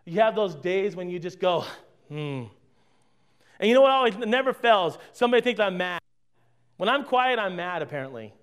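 A man preaching a sermon, asking his congregation rhetorical questions and swinging between loud emphasis and quiet asides. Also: sits high, expressive, fairly quick, smooth. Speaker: pastor.

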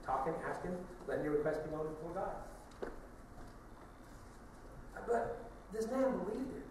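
A man's voice: high-pitched, lively intonation, measured pace, darkish tone, a little hiss or hum. A middle-aged man, a pastor, preaching a conversational sermon full of questions and asides. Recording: echoey church hall, from a distance.

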